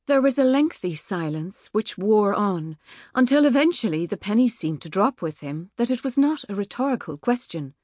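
A woman reading an audiobook in a measured, wry manner. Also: mid-range voice, big pitch swings, darkish tone, dry recording, studio quality. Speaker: audiobook narrator. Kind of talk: scripted narration. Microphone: studio microphone.

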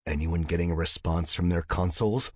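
A man voicing a calm, steely starship captain in an audiobook, calm with an unmistakable edge. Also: deep voice, brisk, no room sound, clean studio sound.

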